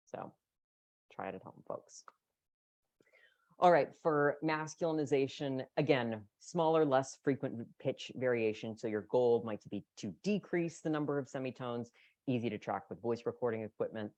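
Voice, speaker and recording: Voice care presenter lecturing, explains stuff and acts out pitch patterns, mid pitch, dry close sound. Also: moderate pace, darkish tone, dry recording, muffled recording.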